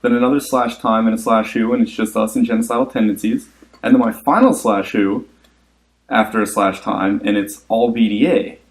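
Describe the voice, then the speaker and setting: A man's voice: lowish voice, normal speed, low-quality recording. A man arguing indignantly and profanely over voice chat about a game raid dispute. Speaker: rival guild member in a dispute. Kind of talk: heated voice-chat argument.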